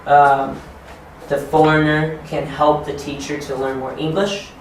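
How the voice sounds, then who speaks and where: Man, trainer lecturing deliberately, a bit high, distant mic, very echoey room with faint noise. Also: little pitch movement. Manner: deliberate, simple phrasing for learners. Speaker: ESL teacher trainer.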